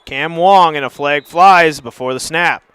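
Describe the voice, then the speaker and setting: At the stadium, a male play-by-play announcer calls a high school football game, chatty between snaps and bursting into shouts when a big play breaks. His high, bright voice comes through smooth and clean, unhurried, with no room sound.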